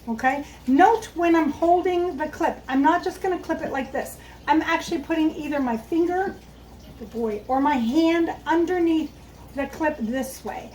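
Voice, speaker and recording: High-voiced woman explaining dog training. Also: moderate pace, a little hiss or hum, low-quality recording. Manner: explains step by step while working with a dog, praising it softly. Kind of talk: instructional demonstration.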